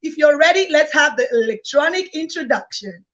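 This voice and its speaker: A woman's voice: high-pitched, animated, normal speed. A woman hosting a live-streamed conference with exuberant energy, hyping the crowd and repeating phrases. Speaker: conference host. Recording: dull lo-fi sound.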